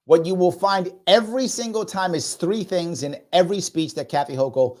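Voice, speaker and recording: A man's voice: sits high, normal speed, few pauses. A man hosting a live reaction show who comments in an emphatic, sarcastic and mocking way. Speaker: host of a political commentary show.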